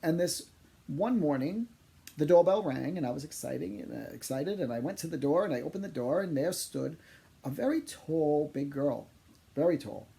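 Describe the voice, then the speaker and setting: A man, a psychic medium, telling funny stories to camera in a chatty, animated, self-deprecating way. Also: on the high side, normal speed, creaky. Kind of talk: storytelling monologue to camera.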